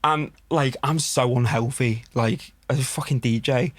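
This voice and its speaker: Man, Merseyside accent, husky voice, dry close sound, casual sweary storytelling. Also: medium pitch, fairly even intonation, measured pace, dry recording. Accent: Merseyside English. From Wirral, England. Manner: laid-back, sweary, laughs through his stories. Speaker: podcast guest, DJ.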